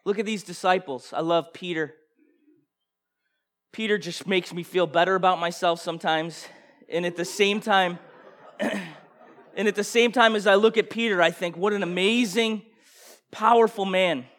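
A male preacher with a fairly high voice delivers an impassioned sermon. He pushes hard with rhetorical questions, then drops into quiet, intense stretches. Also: unhurried, long pauses. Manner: impassioned, swings from loud bursts to hushed intensity, rhetorical questions.

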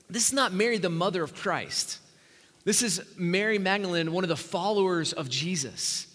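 A man's voice: sits high, sharp tone. A man preaching a sermon as pastor, earnest and conversational, acting out the people in the story as he goes. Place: church sanctuary. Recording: long church reverb.

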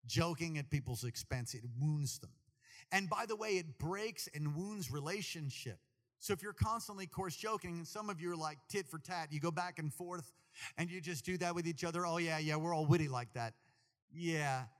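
A man preaching a sermon to a congregation, animated and jokey, talking straight to the people in the church. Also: on the high side, moderate pace, big-room sound. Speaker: pastor.

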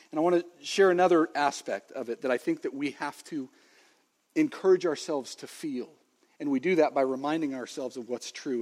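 A man in his thirties preaching a sermon, telling a family story with animated swings between loud and hushed delivery. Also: medium pitch. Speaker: pastor. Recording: long reverb of a large hall.

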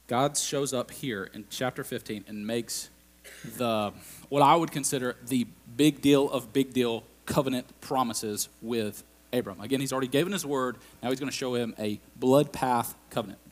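A man's voice: medium pitch, moderate pace. A man preaching a sermon in a conversational style, with asides and acted-out quotes. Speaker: pastor.

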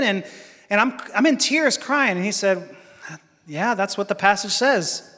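A man with a high voice gives an earnest sermon built on his own story. He pauses and restarts his sentences often. His voice carries a long reverb, as in a large hall. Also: expressive, pushed and bright. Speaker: preacher. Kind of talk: personal testimony sermon.

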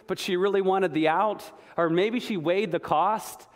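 A man's voice: high-pitched, normal speed, few pauses, long reverb tail. A middle-aged man preaching a sermon as a pastor, earnest, often repeating words as he talks. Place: church hall.

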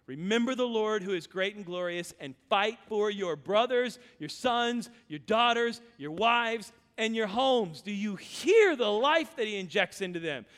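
A man from Louisiana preaching a sermon, telling stories and swinging between loud urgent calls and hushed, low passages. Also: animated, unhurried, few pauses, clean tone. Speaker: pastor. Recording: long hall reverb.

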